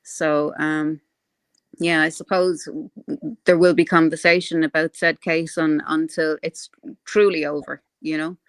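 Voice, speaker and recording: A woman's voice: deep voice, level tone, unhurried, clean tone, no room sound. A woman hosting a casual live chat, rambling with lots of fillers and the odd swear word. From Ireland. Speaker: livestream host. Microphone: home microphone on a live stream.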